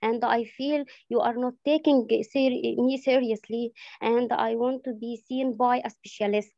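A woman's voice: a little high, fairly even intonation, a little slow, warm tone, dry recording, lo-fi sound. A woman role-playing a worried patient who wants to see a specialist, speaking hesitantly and stumbling over words. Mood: concerned. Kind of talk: medical exam role-play.

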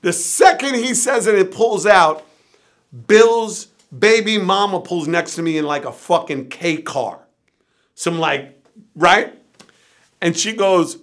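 A man's voice: high-pitched, animated, a little slow, a bit bright. A middle-aged man telling a wild story as an interview guest, acting out quotes and swearing freely. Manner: vivid anecdote with acted-out quotes and swearing. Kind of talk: animated storytelling.

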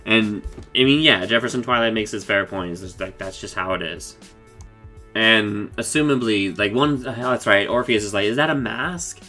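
A man giving a casual, rambling recap of a cartoon episode, excitable and full of swearing and fillers. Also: lowish voice, moderate pace, soft background music. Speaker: show reviewer.

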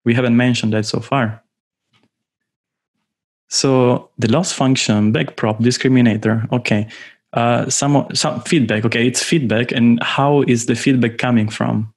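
A man with an Italian accent, from southern Italy, giving an informal online lecture with playful, animated storytelling. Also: medium pitch, unhurried.

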